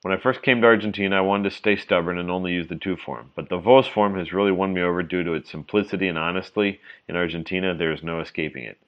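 A man reading a language-learning article aloud in a measured way, slowing down to spell out example words. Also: sits low, steady tone, lo-fi sound.

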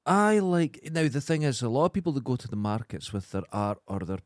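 A man co-hosting a podcast, telling sweary anecdotes in a casual, animated way. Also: medium pitch, a little fast, dry recording, studio quality. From Scotland. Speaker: podcast co-host. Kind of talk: casual chat, storytelling.

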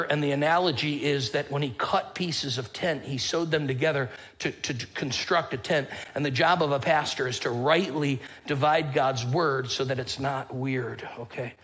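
A man's voice: mid-range voice, a bit bright, low-quality recording. A man preaching a sermon as pastor, talking in a loose, conversational way and joking as he tells stories. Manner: conversational, joking storyteller with a casual drawl.

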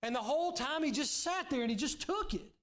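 A man preaching a sermon as pastor in a church, earnest, now and then dropping to a hushed, pleading voice. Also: extremely high pitch, expressive, fairly quick. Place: church sanctuary.

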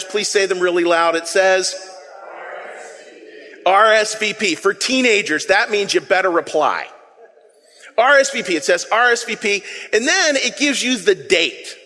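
A man preaching a sermon, telling the story in a lively way with acted quotes and asides to the congregation. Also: high-pitched, long reverb tail. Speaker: pastor.

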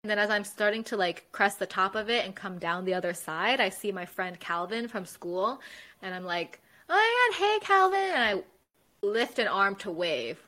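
Bright-voiced young woman, casual podcast chat. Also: medium pitch, normal speed. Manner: storytelling, laughing often. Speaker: podcast co-host.

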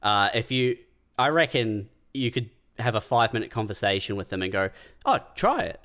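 A man's voice: on the low side, a little fast, fairly bright tone. A man building absurd scenarios in a casual comedy podcast chat, often saying man and dude.

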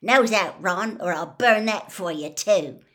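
A woman voicing a cheeky, joking teenage boy twin in a storybook reading, teasing and loud. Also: medium pitch, big pitch swings, normal speed.

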